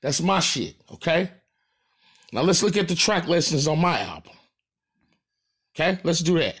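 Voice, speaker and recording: A man from St. Louis speaks in a casual, profane rant with a slightly raised pitch and a husky edge. His voice swings widely as he stresses and repeats his points. He has a St. Louis accent. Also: very animated, normal speed, fairly bright tone. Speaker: rapper. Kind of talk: casual direct-to-camera rant.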